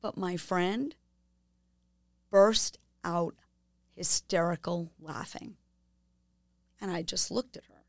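A woman hosting a podcast, speaking gently and asking listeners reflective questions in a self-help talk. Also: fairly low pitch, steady tone, takes it slowly, vocal fry, long pauses, dry recording, studio quality. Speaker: podcast host.

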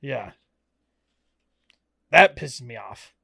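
A man's voice: mid-range voice, expressive, very slow, gravelly, sharp tone, breathy edge. A young man co-hosting a podcast, chatting casually, laughing often and getting worked up when he rants. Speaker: podcast co-host. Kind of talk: casual chat.

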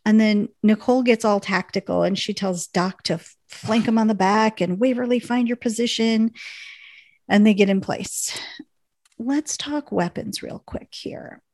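A woman co-hosting a casual podcast, recapping a TV episode with animated storytelling and frequent laughter. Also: mid-range voice, measured pace, dry recording. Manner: animated storytelling, laughs often, many fillers. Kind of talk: casual chat.

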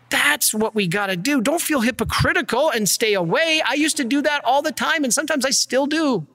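A man, a priest, giving an earnest and energetic sermon with slides. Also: extremely high pitch, brisk, few pauses, long reverb tail. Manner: earnest, energetic preaching, gets worked up.

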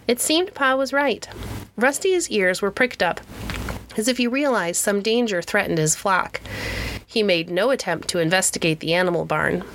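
A woman narrating a children's storybook in a clear, steady reading voice. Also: medium pitch, normal speed, slight background noise. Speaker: audiobook reader.

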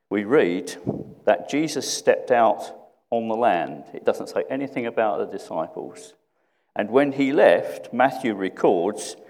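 A man preaching a sermon in a reflective way, often repeating questions and dropping to a hush. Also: mid-range voice, big-room sound.

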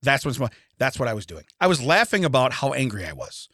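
A man co-hosting a podcast, telling a story in an animated rant, often laughing. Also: medium pitch, fast talker, dry recording, clean studio sound. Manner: animated ranting with frequent laughter. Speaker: podcast co-host. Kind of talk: casual comedic storytelling.

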